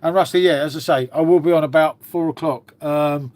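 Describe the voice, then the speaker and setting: A man's voice: a little high, steady tone, brisk, darkish tone, no echo. A man hosting a casual livestream, chatting to viewers and swearing freely as he talks to his dog. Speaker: livestream host. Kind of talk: casual live chat with viewers.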